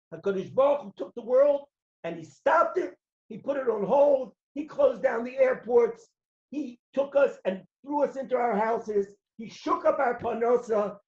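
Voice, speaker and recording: Male rabbi, lively sermon storyteller, voices his characters and raises his voice for emphasis, roomy and dull recording. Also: very high-pitched. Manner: animated storyteller, acts out voices, shouts at peaks. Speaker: rabbi giving a talk. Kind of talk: sermon with stories.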